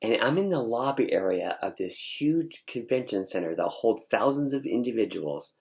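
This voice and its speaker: A man vlogger telling a story in a casual, animated way, with frequent restarts and asides. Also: on the low side, moderate pace, vocal fry. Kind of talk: casual storytelling recounting a dream.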